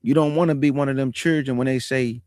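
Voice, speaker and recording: Man, forties, personal testimony, folksy storytelling, mid-pitched voice, dry close sound. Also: no room sound. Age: 40s. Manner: animated, folksy, drawn-out emphasis. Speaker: show host.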